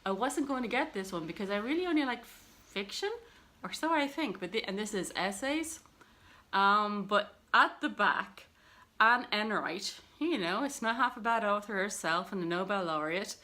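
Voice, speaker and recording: A woman's voice: medium pitch, animated, moderate pace, pushed and bright. A woman talking casually to camera about her books, rambling and self-deprecating with plenty of fillers. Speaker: book vlogger.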